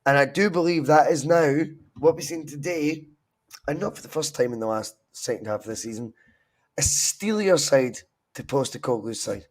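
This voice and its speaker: A young Scottish man hosts a football podcast through a cold, his voice sitting at an ordinary middle pitch. He talks in lively, sweary banter with plenty of swings and asides. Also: moderate pace. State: has a cold. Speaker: podcast host. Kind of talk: casual football chat.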